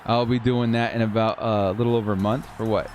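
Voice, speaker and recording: A man's voice: fairly low pitch, level tone, quick pace, darkish tone, a little hiss or hum. A man hosting a live stream, casually calling simulated football plays and chatting with viewers between plays. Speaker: livestream host of football game simulations. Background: faint 1980s-style background music.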